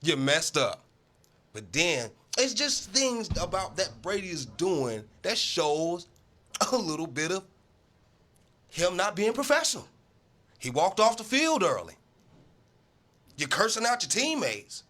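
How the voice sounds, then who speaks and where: A man's voice: sits high, big pitch swings, measured pace, long pauses, bright, forceful tone. A man hosting a casual sports talk show, arguing emphatically and repeating himself for emphasis.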